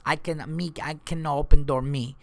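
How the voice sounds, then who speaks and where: A man voicing a flustered hotel cleaning woman who speaks in halting, repetitive broken English. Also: on the high side, steady tone, gravelly, a bit bright.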